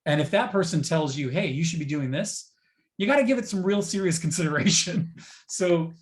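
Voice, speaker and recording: A man's voice: a little high, lively intonation, fairly quick. A man, a guest writer on a remote call, chatting casually in a rambling, self-deprecating way, with many restarts. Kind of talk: casual interview chat.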